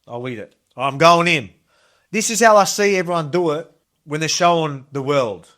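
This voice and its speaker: An Australian man in his thirties talks his way through a casual kitchen demo, rambling and enthusiastic as he goes. His voice sits a little on the high side for a man. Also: lively intonation, moderate pace, pushed and bright. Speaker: cooking video host.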